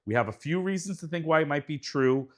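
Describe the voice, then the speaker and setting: A man's voice: fairly high pitch, animated, quick pace. A man co-hosting a casual podcast, blunt and emphatic, swearing freely. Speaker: podcast co-host, dentist.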